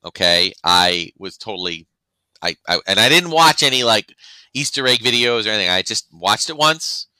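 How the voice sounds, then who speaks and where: On a casual podcast, a co-host with a lowish, sharp-toned voice speaks at normal speed with lively intonation. He wanders through his points, frequently starts over, and acts out what others said. The recording is low quality with no echo.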